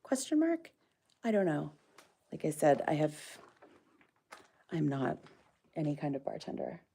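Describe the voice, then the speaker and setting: A woman's voice: sits low, unhurried, creaky, warm tone, breathy edge. A woman hosting a casual farm livestream, chatting with viewers and coaxing her animals in a sing-song.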